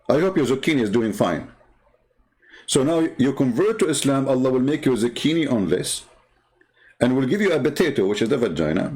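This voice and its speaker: Male livestream host, blunt and scornful, mid-pitched voice. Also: big pitch swings, fairly quick, darkish tone. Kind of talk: combative livestream commentary.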